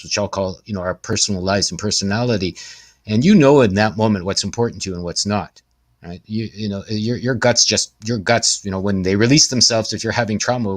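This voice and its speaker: A man interviewing a guest, talking in a rambling, emphatic way with many asides. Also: fairly low pitch. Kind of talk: casual conversational talk.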